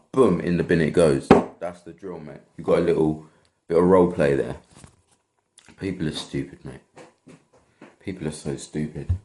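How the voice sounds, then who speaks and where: Brief: young man, low voice, vlog rant, sweary and rambling, exasperated. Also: darkish tone. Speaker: vlogger. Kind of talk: casual rant to camera.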